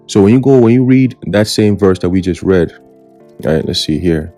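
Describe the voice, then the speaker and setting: A man's voice: low-pitched, lively intonation, moderate pace, warm tone, soft background music. A man preaching a scripture sermon, emphatic and full of rhetorical questions, often checking in with "okay?" and "right?", sometimes taunting. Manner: mocking, taunting tone at times.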